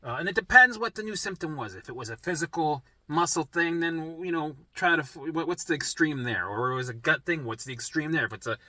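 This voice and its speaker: Man coaching to camera, blunt and profane, bright forceful tone, slightly high voice, dry close sound. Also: a little fast, few pauses, no echo. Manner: blunt, swearing, acts out panicked thoughts; keeps asking "right?". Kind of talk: direct-to-camera talk.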